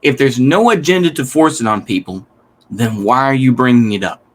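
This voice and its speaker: Male host, casual reaction commentary; rambling and exasperated, mid pitch. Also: lively intonation, normal speed. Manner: rambling, restarts, swears, exasperated.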